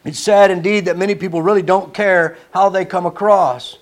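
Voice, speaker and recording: A man's voice: high-pitched, fairly even intonation, moderate pace. A man preaching a sermon in an earnest, conversational way, stumbling and restarting now and then.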